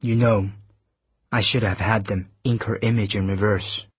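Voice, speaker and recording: A man's voice: lowish voice, fairly even intonation, moderate pace, slightly rough, no room sound. A man reading an audiobook and voicing a proud, brooding captive commander who muses and withholds answers. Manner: musing, withholding. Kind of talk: audiobook narration.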